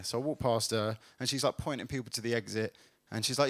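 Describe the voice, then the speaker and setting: A man performing a stand-up comedy set on a club stage, telling a story and building to loud laughs. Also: medium pitch, fast, few pauses.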